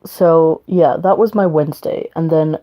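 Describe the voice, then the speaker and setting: A woman's voice: sits low, measured pace, mellow. A young woman, chatting casually and rambling while doing her makeup on a livestream, swearing freely. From England. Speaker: livestreamer and teacher.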